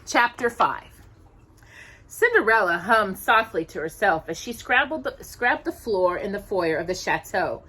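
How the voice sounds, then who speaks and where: Woman storyteller, children's read-aloud, animated delivery. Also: mid-range voice, a little slow, husky. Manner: expressive, acting out each character's lines.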